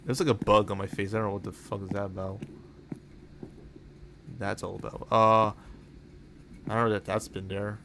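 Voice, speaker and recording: A man with a fairly low voice talks his way through a horror game in loose, offhand commentary. He swears freely and drifts from one thought to the next. A steady bed of game ambience sits clearly under his voice. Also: moderate pace, pauses often, slight background noise. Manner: rambling, profane, offhand. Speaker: gaming channel host. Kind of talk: casual let's-play commentary.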